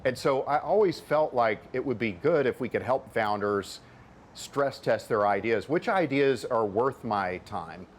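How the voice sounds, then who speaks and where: A man's voice: mid-range voice, lively intonation, measured pace, a little hiss or hum. A middle-aged man, a venture capitalist and author, answering interview questions in an explanatory way, often repeating words as he builds a point.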